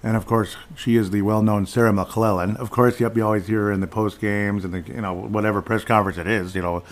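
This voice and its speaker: A man's voice: fairly low pitch, steady tone, quick pace. A man hosting a casual solo podcast, rambling through asides and fillers with fan enthusiasm. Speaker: podcast host.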